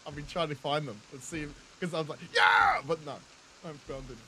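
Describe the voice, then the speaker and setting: Man, New Zealand accent, game streamer, bright voice, slightly high, jokes and laughs a lot, faint background noise. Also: steady tone, rapid-fire. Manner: jokey, laughs often, swears freely. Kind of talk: casual gameplay commentary chatting with viewers.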